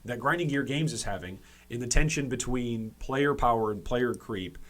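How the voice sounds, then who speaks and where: A man's voice: medium pitch, moderate pace. Emphatic man hosting gaming commentary. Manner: emphatic, repeats points for stress; frequent restarts and fillers. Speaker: gaming video host. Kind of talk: opinion commentary video.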